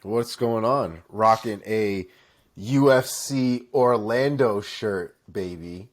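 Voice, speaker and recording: A man from Florida co-hosting a casual chat, telling stories with lively swearing. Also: fairly low pitch, takes it slowly. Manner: animated storytelling with swearing. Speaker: co-host.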